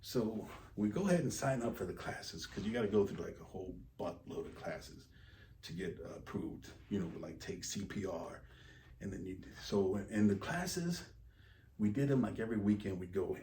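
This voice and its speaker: A man's voice: lowish voice, lively intonation, moderate pace, dark tone, slight background noise. Male comic storyteller, crude and rambling, recorded distant in a roomy space. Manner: crude, rambling, exaggerated retelling. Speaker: comedian telling a story. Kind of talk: storytelling stand-up. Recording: roomy, distant mic with faint ambience.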